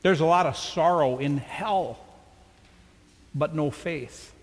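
High-voiced guy preaching a sermon, lots of rhetorical questions, echoey hall. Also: slow pace. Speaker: pastor.

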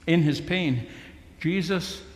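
Slow, lively-pitched male preacher. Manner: slow, emphatic preaching with dramatic pauses. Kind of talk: sermon. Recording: echoey hall with long reverb.

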